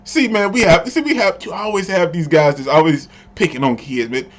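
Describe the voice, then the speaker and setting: A man doing a casual comic readthrough, excitable and chatty, who repeats his words and often says "man". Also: fairly high pitch, fairly quick. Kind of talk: casual reading with commentary.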